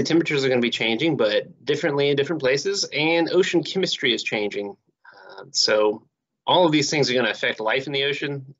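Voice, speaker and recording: A man giving a recorded online lecture in a relaxed, rambling way with many fillers. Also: mid-range voice, muffled recording. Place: home recording near Houston.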